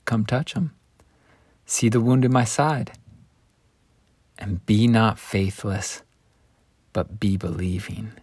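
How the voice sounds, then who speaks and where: Gentle calm jesus voice, guy reading it out, low and unhurried. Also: slightly rough, no room sound.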